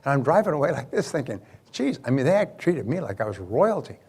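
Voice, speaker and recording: Male seminar speaker, animated storyteller who poses questions to the audience. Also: mid-range voice, quick pace, slightly rough. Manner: animated storyteller, acts out quoted voices. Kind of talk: business seminar talk with storytelling.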